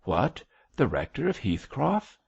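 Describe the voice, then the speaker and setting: A man voicing a lively, teasing young army captain in an audiobook, talking in a playful bantering way. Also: medium pitch, measured pace, gravelly, breathy edge, dull audio, pitched above the performer's own voice, heavily acted.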